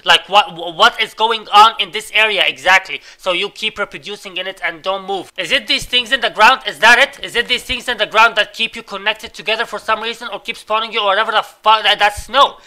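A young man, a native Arabic speaker, giving excitable, swearing commentary while playing a game and reacting loudly to surprises. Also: sits high, low-quality recording. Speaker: gaming YouTuber. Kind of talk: Minecraft let's play commentary.

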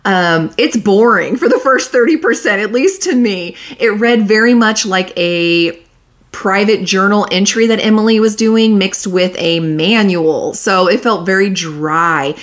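Brief: young adult woman, book vlogger, candid and chatty, mid pitch, laughs easily. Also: unhurried. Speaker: book reviewer. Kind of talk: casual monthly reading wrap-up.

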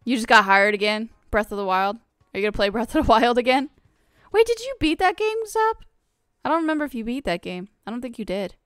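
A woman's voice: a little high, fast talker, few pauses, fairly bright tone, clear, resonant tone, dry recording. A young woman streaming a racing game, chatting casually and playfully teasing her viewers. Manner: playful, teasing, talks straight to chat. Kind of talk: casual live-stream gaming chat.

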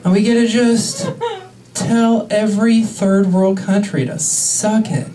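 A man's voice: high voice, steady tone, takes it slowly, far from the mic, very noisy. A young man in his twenties doing a stand-up set in a comedy club, sarcastic and crude with mock-outraged asides.

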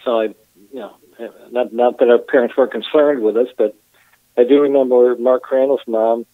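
A man's voice: medium pitch, steady tone, moderate pace, no echo. A middle-aged man from Michigan, a guest cracking dry jokes and telling stories in casual chat. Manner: wry, joking storyteller. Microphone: phone. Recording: tinny phone line.

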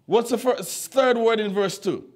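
A man in his twenties preaching a sermon, teaching the Bible with animated, teasing questions to his congregation. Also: very high voice, measured pace. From U.S. Virgin Islands. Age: 20s.

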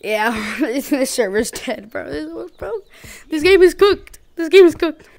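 Excitable high-voiced gamer. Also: female voice, unhurried, gravelly. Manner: excitable, exclaiming, slangy. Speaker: gaming YouTuber. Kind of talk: gameplay commentary.

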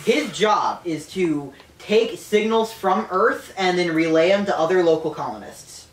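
A woman casually retelling a novel's plot to friends, animated, with frequent swearing and laughter. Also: on the low side, measured pace, recorded from a distance. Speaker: podcast co-host retelling a novel. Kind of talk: casual storytelling chat. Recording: roomy, off-mic.

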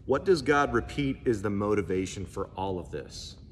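Animated preacher man in an echoey hall. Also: on the low side, moderate pace, soft background music. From United States. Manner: animated storytelling, acts out dialogue. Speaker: pastor. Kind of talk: sermon. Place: church hall. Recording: echoey hall, faint ambience.

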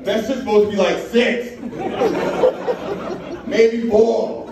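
A man's voice: high voice, steady tone, takes it slowly, heavy background noise. A stand-up comedian on a comedy club stage, working the crowd in a brash, profane way while acting out his bits. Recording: echoey live club from far off, loud crowd laughter.

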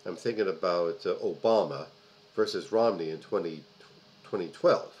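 A man's voice: low-pitched, moderate pace, darkish tone, poor audio. A man hosting his own commentary video, delivering an emphatic opinion monologue with repeated phrases for stress and frequent "uh" fillers. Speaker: host of a political commentary video.

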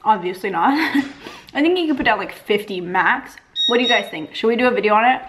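A woman's voice: fairly high pitch, expressive, fairly quick, background noise. A young woman chatting casually while she eats on camera, giggling often and talking with food in her mouth. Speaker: vlogger. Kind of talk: casual eat-with-me vlog chat.

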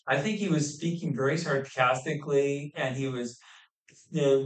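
Halting male preacher in an echoey room. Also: a little high. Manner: halting, with many fillers and restarts. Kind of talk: expository sermon. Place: church hall. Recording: echoey room, mic at a distance.

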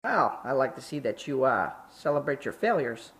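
A man's voice: medium pitch, big pitch swings, moderate pace, a bit bright. A man's synthesized voice playing a sarcastic, short firefighter from Canada who needles the others, with hesitant fillers. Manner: mocking, with filler "uh" and "there".

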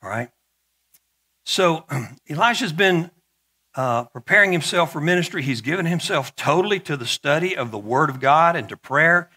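Husky-voiced bright-toned male pastor. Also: on the high side, animated, normal speed. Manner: conversational, joking asides, repeats words. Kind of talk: sermon.

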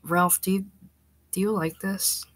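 A woman reading the part of an anxious young bride-to-be who speaks softly and pleads with her fiancé. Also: medium pitch, fairly even intonation, measured pace, husky, dry recording, voice pushed up.

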